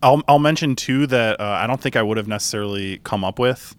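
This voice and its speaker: A man's voice: on the low side, a little fast, clean tone, no echo. A man hosting a podcast, chatting casually, laughing often and swearing now and then. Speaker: podcast host. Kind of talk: casual chat.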